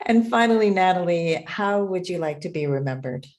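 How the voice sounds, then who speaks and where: A woman hosting a podcast interview, speaking in a warm, measured way. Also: on the low side, lively intonation. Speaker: podcast host. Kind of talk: casual interview.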